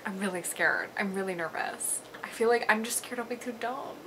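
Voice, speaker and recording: A woman's voice: medium pitch, fairly quick, noisy background. A young woman chatting casually in her reading vlog at home, swearing freely and laughing often. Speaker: book vlogger.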